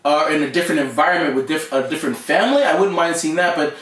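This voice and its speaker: A man's voice: a little high, quick pace, a bit bright. A man co-hosting a casual pop-culture chat, talking emphatically and often restarting his words. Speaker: co-host. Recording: roomy echo, mic at a distance.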